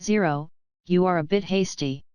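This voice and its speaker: A composed young king who speaks with formal, unhurried calm, read by a woman. The voice sits fairly low, very clean and smooth, recorded dry and close with no room sound. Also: no room sound, natural voice.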